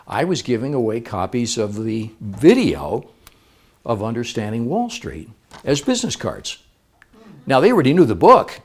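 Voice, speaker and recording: Seminar speaker, male, lively swinging pitch, playful, quizzes the room. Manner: lively, playful, engages audience with questions. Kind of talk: live seminar talk.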